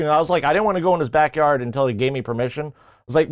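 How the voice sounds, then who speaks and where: A man's voice: mid-range voice, racing, no echo, muffled recording. A man hosting a livestream, rambling through a casual story with plenty of swearing. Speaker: livestream host. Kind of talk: casual chat.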